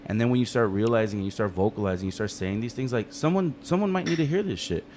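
A man talking casually on a podcast, telling stories in a fast, animated, profane way. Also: on the low side, a little hiss or hum. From United States.

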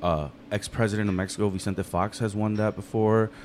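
A man talking casually on a podcast, telling stories in a fast, animated, profane way. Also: on the low side, slight background noise. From United States.

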